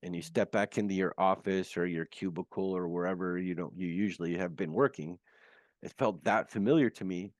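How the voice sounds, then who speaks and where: A man recounting his near-death experience as an interview guest, earnest and halting with many restarts, on a video call. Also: low-pitched, dry recording, clean studio sound.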